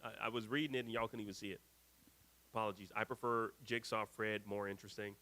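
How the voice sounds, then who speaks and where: A man hosting a live stream, reading viewer comments aloud with lively ups and downs and grumbling when his screen freezes. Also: fairly low pitch, quick pace. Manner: exasperated, grumbling at tech trouble. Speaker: host.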